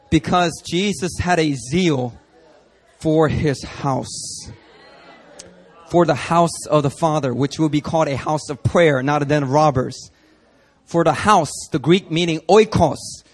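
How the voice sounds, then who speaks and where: A man preaching a sermon at a prayer meeting, animated and dramatic, moving between hushed stretches and loud bursts. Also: fairly high pitch. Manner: animated, acts out scenes, shifts from hushed to loud. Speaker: pastor.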